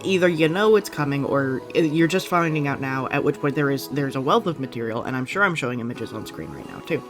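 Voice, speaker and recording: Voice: mid-range voice, lively intonation, fairly quick, hardly any pauses, soft background music. A gaming YouTuber giving casual reaction commentary, chatty and upbeat, rambling with many fillers and self-corrections. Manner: upbeat and enthusiastic.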